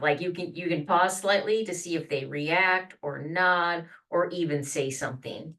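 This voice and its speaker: A woman's voice: fairly low pitch, unhurried, hardly any pauses, fairly bright tone, distant mic. A woman guest on a podcast explaining how to introduce yourself, acting out sample lines with many restarts. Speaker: branding and communications guest. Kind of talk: conversational podcast interview.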